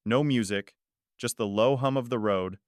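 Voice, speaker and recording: A man reading a first-person family story aloud in a measured, dramatic way. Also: medium pitch, dry recording, clean studio sound. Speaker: story narrator. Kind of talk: scripted narration.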